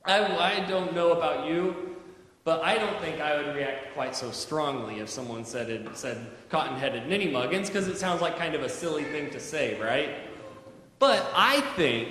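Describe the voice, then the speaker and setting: A man, a pastor, giving a chatty children's moment in a church service, gently asking the children questions. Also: high-pitched. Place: church sanctuary. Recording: very echoey church hall, faint noise.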